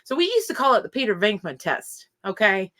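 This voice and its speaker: A bright-voiced woman with an Appalachian accent, co-hosting a casual chat show. She jokes brashly and turns to the listeners to address them directly. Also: mid-range voice, big pitch swings, fairly quick. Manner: brash and joking, talks to listeners as "guys". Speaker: podcast co-host.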